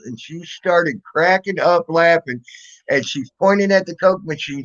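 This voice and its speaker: A man's voice: on the high side, moderate pace, fairly bright tone, dull audio. A man with a Southern US accent chatting crudely on a stream, joking and stumbling over restarts. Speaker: stream host. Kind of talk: casual chat.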